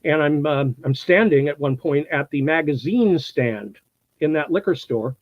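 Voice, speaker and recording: A man in his sixties from the United States, an actor telling anecdotes in a casual interview, animated and laughing often, acting out what people said. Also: on the high side, moderate pace, dull audio. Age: 60s. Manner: animated storyteller, acts out quotes, laughs often.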